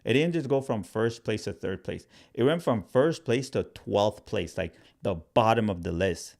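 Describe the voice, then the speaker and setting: A man's voice: lowish voice, lively intonation, moderate pace, creaky, a little mellow. A man hosting a casual livestream as a crypto educator, talking loosely to his viewers with lots of "like" and "right?". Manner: loose and chatty, full of "like" and "right?"; talks straight to viewers, reads comments aloud. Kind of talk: casual livestream talk to chat.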